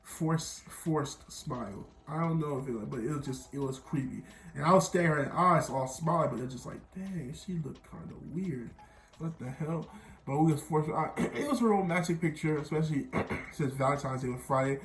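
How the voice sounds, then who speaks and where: A man's voice: fairly high pitch, quick pace, fairly bright tone, echoey room. A young man from Miami telling a rambling storytime vlog, often repeating himself and quoting others. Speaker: vlogger.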